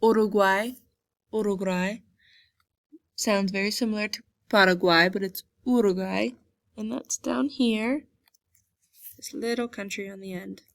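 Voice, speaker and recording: A young woman walks her class through a map, saying each place name slowly and then saying it again. Her voice sits at an ordinary middle pitch. It is recorded close and dry, with no room sound. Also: steady tone, gravelly, dry recording. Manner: slow, repeats each name for pronunciation. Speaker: Spanish teacher. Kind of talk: geography lesson over a map.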